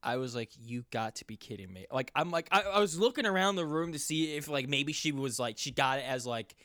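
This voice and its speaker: A young man telling a story in casual chat, rambling and profane, his voice climbing loud and high when he gets worked up. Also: fairly quick, no echo, studio quality. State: sore.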